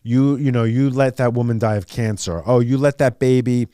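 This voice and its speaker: A man's voice: medium pitch, steady tone, normal speed, warm tone, smooth, dry recording, studio quality, close to an everyday voice. A man voicing a smug male horror-movie killer who sets deadly rules, taunting his victims in a matter-of-fact tone.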